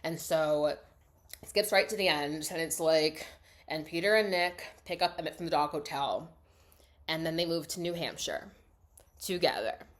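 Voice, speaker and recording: Speaking at a normal pace in a low voice, a young woman casually recaps a movie's story. Her chatty delivery is packed with "like" and alternates between hushed asides and sudden excitement.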